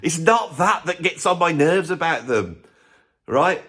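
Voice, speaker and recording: A man's voice: a little high, lively intonation, a little slow, a bit bright. A man hosting a music channel, ranting his blunt opinions in casual talk to camera with chuckling asides.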